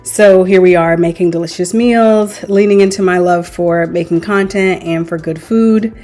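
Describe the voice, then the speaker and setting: A woman's voice: fairly low pitch, steady tone, normal speed, warm tone, rough recording. A woman chatting casually as a home cooking vlogger, rambling along with frequent small laughs. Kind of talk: casual voice-over chat. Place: home kitchen. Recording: clear cooking noise behind.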